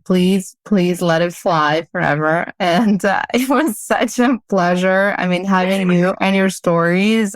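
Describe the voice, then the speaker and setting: A woman hosting a podcast interview, effusive and unhurried as she thanks her guest. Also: lowish voice, no room sound. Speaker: podcast host.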